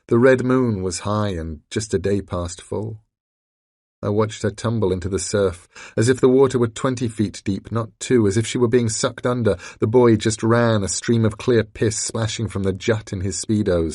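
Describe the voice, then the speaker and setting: A man reading an audiobook in sardonic first-person narration with a gravelly voice. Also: on the low side, dry recording, clean studio sound. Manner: dark, sardonic storytelling.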